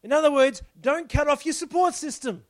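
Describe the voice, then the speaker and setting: A man's voice: extremely high pitch, normal speed, no room sound. A man, a pastor giving a conversational sermon, explaining the text and asking his listeners questions. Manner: chatty, explains the text and asks the congregation rhetorical questions.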